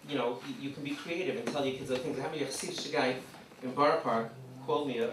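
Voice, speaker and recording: A man giving an animated lecture to parents at a community seminar, acting out little scenes as he speaks. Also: medium pitch, slight background noise. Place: community hall. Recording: echoey hall, mic from far off.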